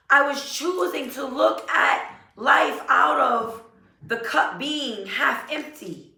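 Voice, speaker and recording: Woman doing a slow, emotional pep talk, bright voice, echoey room a bit off mic. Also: high voice, lively intonation, vocal fry. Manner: earnest, repetitive affirmations, emotional. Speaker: self-help vlogger. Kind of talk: motivational talk to camera. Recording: roomy echo, a bit far from mic.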